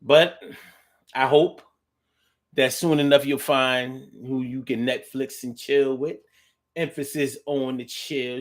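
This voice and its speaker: A man's voice: mid-range voice, steady tone, slow. A man hosting a casual talk monologue, reading out listener comments and riffing on them in a playful, drawling way.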